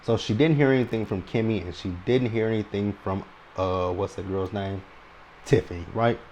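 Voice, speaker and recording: Talking at an ordinary speed, a low-voiced man casually recaps a reality show episode, going on at length and tacking "right?" onto his remarks. Light room noise hums in the background.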